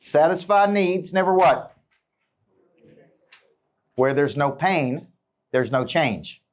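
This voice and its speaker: A man's voice: a little high, animated, takes it slowly. A middle-aged man, a business coach, giving a punchy motivational talk to a live audience and peppering them with rhetorical questions.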